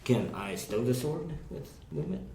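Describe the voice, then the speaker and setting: A man's voice: mid-range voice, normal speed, vocal fry. A man playing a tabletop game, talking casually and muttering numbers as he works out his rolls. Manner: counts dice rolls under his breath. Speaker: player. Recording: echoey room with steady noise.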